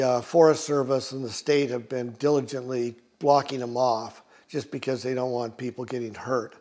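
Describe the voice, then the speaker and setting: A man hosting a hike outdoors on a mountain trail, talking casually with many pauses as he shows the way. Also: medium pitch, a little mellow. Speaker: hiking guide host. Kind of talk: casual walking tour narration.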